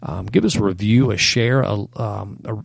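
A man's voice: fairly low pitch, moderate pace, gravelly, breathy edge, no echo. A man hosting a casual podcast, laid-back and rambling a little as he talks. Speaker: podcast host.

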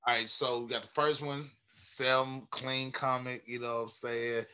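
A man, a stand-up comedian guesting on a podcast, telling profane, animated stories in casual chat. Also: mid-range voice, measured pace, clean tone. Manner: animated, profane, acts out quoted voices loudly.

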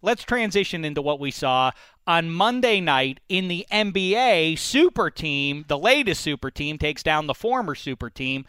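A man hosting a casual sports debate, animated and opinionated, breaking into mocking impressions of fans. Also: fairly high pitch, moderate pace, clear, resonant tone, no room sound. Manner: animated, puts on mock fan voices. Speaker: sports talk host.

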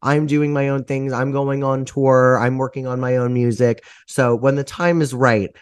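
A man guesting on a chat podcast, talking in a campy, theatrical way. His voice sits at an ordinary middle pitch while he gushes eagerly about what he loves. He drops a warm honey into his sentences like a seasoned performer. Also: fairly even intonation, normal speed, clean tone. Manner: enthusiastic, gushing. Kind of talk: casual chat.

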